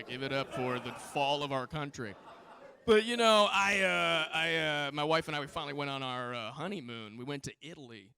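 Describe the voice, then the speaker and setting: Loose, profane stand-up comic. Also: male voice, on the high side, pushed and bright. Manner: loose, profane and rambling, with frequent filler restarts. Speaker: stand-up comedian. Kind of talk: stand-up comedy set. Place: live comedy stage.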